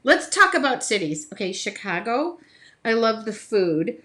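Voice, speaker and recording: A woman's voice: on the high side, sing-song, a little slow, fairly bright tone. An American woman from the Midwest, hosting a casual live stream while she paints, chatting with viewers, laughing often and breaking into bits of song. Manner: chatty, laughs often, sings snatches of songs; reads viewer comments aloud.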